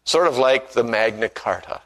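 A man's voice: medium pitch, normal speed, rough recording. A man preaching a sermon who tells stories and acts out the voices he quotes, and reads scripture in old-fashioned wording.

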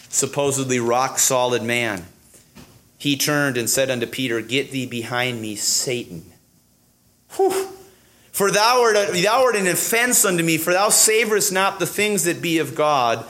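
A man's voice: mid-range voice, fairly bright tone. A man preaching a sermon, reading scripture and acting out the dialogue with many fillers and restarts.

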